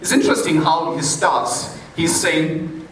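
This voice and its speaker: Echoey preaching man, slow, from afar. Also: a little high, fairly bright tone, slight background noise. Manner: deliberate, playful, chuckles while preaching. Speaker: pastor. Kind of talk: sermon. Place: large church hall. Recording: very echoey hall, mic far off.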